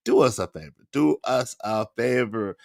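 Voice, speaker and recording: A man hosting a livestream, chatting casually with an animated, slangy delivery and rhythmic shout-outs to the chat. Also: medium pitch, moderate pace, gravelly, no room sound, studio quality. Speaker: livestream host.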